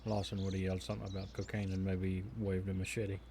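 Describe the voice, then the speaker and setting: A man's voice: deep voice, completely flat delivery, mellow, a little hiss or hum. A man chatting in character in a western roleplay game, dry and amused. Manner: dry, amused, quick to laugh. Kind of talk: in-character chat.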